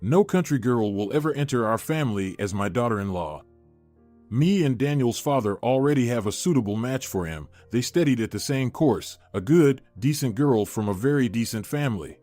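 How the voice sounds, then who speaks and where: A man's voice: mid-range voice, animated, moderate pace, dark tone, dry recording, natural voice. A man voicing a cruel, haughty middle-aged mother-in-law in a sneering, insulting manner, over faint music.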